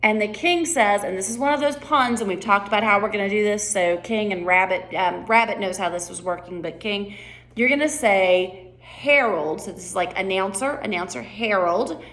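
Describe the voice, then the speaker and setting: A woman's voice: mid-range voice, normal speed, fairly bright tone. A woman directing a play rehearsal in a casual way, often checking in with "right?". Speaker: drama director. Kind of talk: rehearsal coaching.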